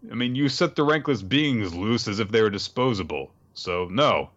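A man's voice: lowish voice, expressive, normal speed, fairly bright tone. A man co-hosting a podcast, chatting casually about a comic and laughing often, in a dull lo-fi recording. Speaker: podcast co-host. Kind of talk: casual chat recapping a comic.

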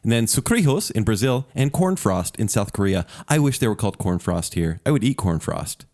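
A man co-hosting a podcast in casual, animated, jokey chat. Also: lowish voice, fairly quick. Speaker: podcast co-host.

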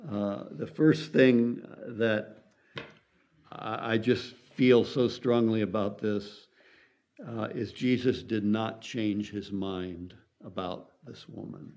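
A man preaching a sermon in an earnest, deliberate and emphatic way. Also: fairly low pitch, warm tone. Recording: dull lo-fi recording.

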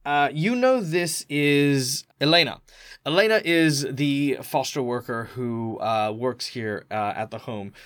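A man's voice: medium pitch, takes it slowly, fairly bright tone, dry recording. An Australian man narrating a tabletop game as game master, casual and rambling. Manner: rambling, informal, hesitant.

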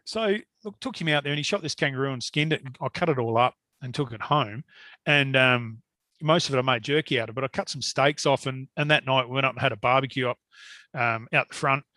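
A man's voice: medium pitch, brisk, bright, forceful tone, no echo, studio quality. A middle-aged Australian man telling a long story in casual conversation, rambling and laughing often. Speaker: guest hunter.

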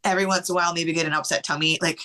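A woman with a low-pitched yet bright, forceful voice, telling a personal story as a guest in a conversation. She talks in an emotional, fast-flowing stream full of fillers and restarts, pushing on from one moment to the next. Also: fairly even intonation. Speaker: podcast guest.

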